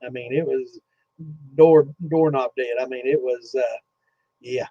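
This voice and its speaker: A man's voice: medium pitch, fairly even intonation, unhurried. A man hosting a distilling Q&A chat, telling a rambling story full of cursing and fillers, with a slightly dull lo-fi sound. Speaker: host of a distilling Q&A livestream.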